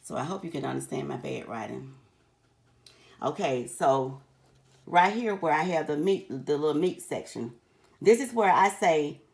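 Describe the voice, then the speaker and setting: A woman's voice: lowish voice, gravelly. An older woman teaching a recipe in a chatty way, often calling her viewers honey. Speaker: home cook. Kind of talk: cooking tutorial.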